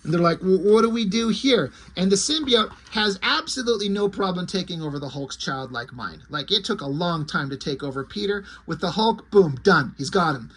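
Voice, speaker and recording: A man's voice: high-pitched, lively intonation, a little fast, few pauses, bright, forceful tone, husky. A man casually recapping a comic book story, rambling with asides along the way. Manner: rambling and conversational, with asides and fillers.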